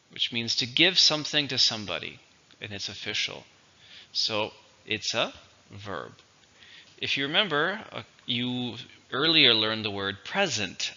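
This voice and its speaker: Male English teacher, lowish gravelly voice, slow careful delivery, dull lo-fi recording. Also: pushed and bright. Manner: slow, deliberate, spells out stress patterns. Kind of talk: recorded vocabulary lesson and dictation.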